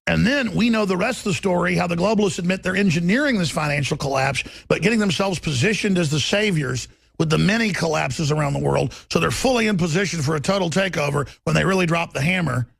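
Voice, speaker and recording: A combative talk-radio man with a Texas accent, his voice husky and raspy. He rants in a sarcastic, rambling flow, pitched high for a man. The sound is dry and close, with no room around it. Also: quick pace, hardly any pauses, fairly bright tone, no room sound. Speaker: radio talk show host. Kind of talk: ranting talk radio monologue.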